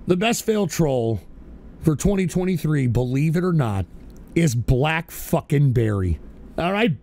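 A man hosts an online awards segment, swearing and ranting. His voice is high and gravelly, and it swings widely in pitch. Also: a little slow, no room sound. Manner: profane, shouty, animated. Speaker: online show host.

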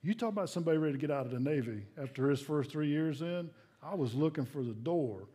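A middle-aged man preaching a sermon in a church, earnest and personal, dropping to hushed asides. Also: a little high, animated, fast talker, husky. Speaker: pastor. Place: church sanctuary.

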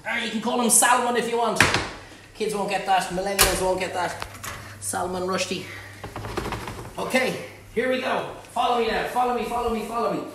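This Irish man has a high voice and talks at normal speed with long pauses, over a noisy background. He streams a cook-along live from his home kitchen, bantering and joking as he reads out viewer comments. The room is echoey.

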